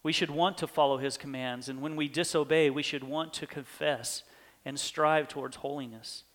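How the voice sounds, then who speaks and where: A man's voice: a little high, steady tone, normal speed, a bit bright. Earnest man preaching a sermon. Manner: earnest, preaching with emphatic swells in volume. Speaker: pastor.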